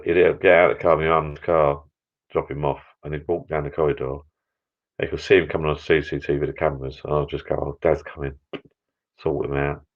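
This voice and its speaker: Older man, very deep voice, chatty live-stream host, slightly dull lo-fi sound. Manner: rambling, chatty, sentimental. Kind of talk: casual chat. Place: backyard garden bar shed.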